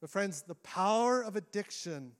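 A middle-aged man preaches to his congregation in a sermon, his voice sitting somewhat high for a man. He speaks earnestly and often restarts a phrase before pressing on. He moves between quick stretches and slow, deliberate ones. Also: animated. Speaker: lead pastor. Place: church sanctuary.

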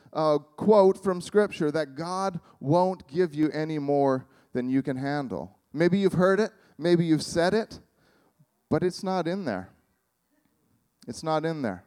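A man preaching a sermon in a conversational, halting way, with sarcastic humor. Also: high-pitched, darkish tone. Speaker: pastor.

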